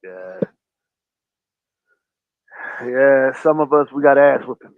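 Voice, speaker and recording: A man's voice: medium pitch, lively intonation, slow, long pauses, no room sound. A man hosting a casual interview, easygoing and given to repeating himself as he tosses in "you know what I'm saying". The sound is dry and close, and squeezed thin like a phone line. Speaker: podcast host. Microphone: remote video call. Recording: dry, tinny phone-like audio.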